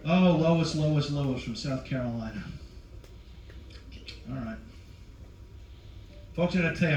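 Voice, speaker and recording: A brash middle-aged man doing stand-up, teasing the audience directly in a voice pitched a little high. He sounds set back from the mic in a roomy lounge aboard a ship, with faint ambience behind him. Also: expressive, normal speed, pauses often, darkish tone, far from the mic, lo-fi sound, a little hiss or hum. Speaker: stand-up comedian. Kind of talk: stand-up with crowd work. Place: cruise ship show lounge.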